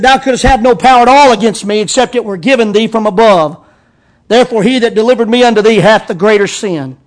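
A man preaching a sermon as pastor, reading scripture slowly and with emphasis. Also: extremely high pitch.

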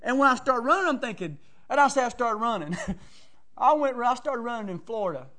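A man's voice: extremely high pitch, animated, a little fast, pushed and bright. A man preaching in a folksy, chatty storytelling way, acting out quotes and laughing often. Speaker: preacher teaching on counsel.

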